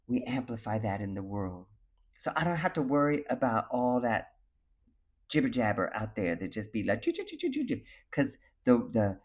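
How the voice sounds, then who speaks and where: Animated man giving a motivational talk. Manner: animated, acts out quoted voices with big pitch swings; repetitive, emphatic phrasing. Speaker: motivational speaker. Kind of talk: motivational birthday message.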